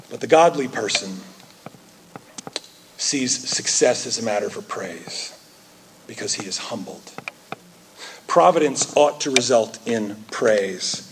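A man preaching a sermon in an earnest way, rising into animated quoted asides. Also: mid-range voice, takes it slowly, long pauses, noisy background. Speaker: pastor.

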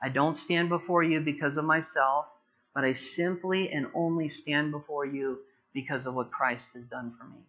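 A man preaching a sermon, moving from quiet prayerful reflection to loud, emphatic, impassioned preaching. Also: fairly high pitch, fairly even intonation, moderate pace, lo-fi sound. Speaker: pastor.

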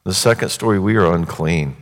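A man's voice: sits low, fairly quick. A man preaching a sermon in a vivid, conversational storytelling way. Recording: echoey hall reverb.

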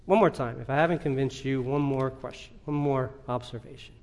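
A man preaching a sermon, with emphatic, deliberate phrasing and pointed rhetorical questions. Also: medium pitch, darkish tone.

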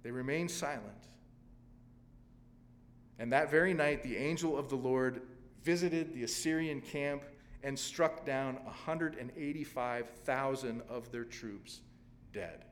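A man's voice: mid-range voice, measured pace, in a large hall. A male pastor preaching a sermon, telling a scripture story dramatically with sudden swells of emphasis.

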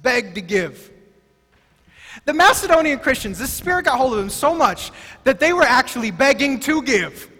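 A man preaching a sermon as pastor, emphatic and excitable, often stumbling over his words as he restarts. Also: very high voice, normal speed. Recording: long hall reverb.

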